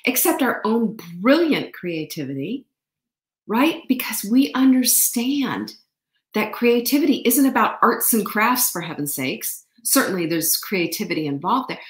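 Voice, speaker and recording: A woman's voice: medium pitch, a bit bright, reverberant. A woman hosting a motivational live show who laughs often and asks her audience question after question. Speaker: host.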